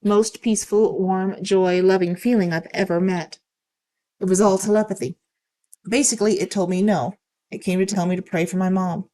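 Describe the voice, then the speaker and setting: A woman reading online stories aloud in a calm, steady way. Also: medium pitch, moderate pace. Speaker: narrator reading online posts.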